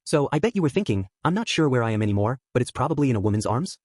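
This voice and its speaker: A man's voice: medium pitch, very animated, rapid-fire, darkish tone, slightly rough, no echo. A man voicing a cheerful, playful little beast-girl who teases and talks about herself in the third person, reading an audiobook. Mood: teasing. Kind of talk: audiobook character voice.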